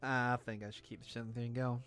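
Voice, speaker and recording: A man's voice: mid-range voice, flat delivery, brisk, a bit bright, smooth, faint music behind. A tipsy man gives a rambling, profane and jokey let's play commentary. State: tipsy from drinking.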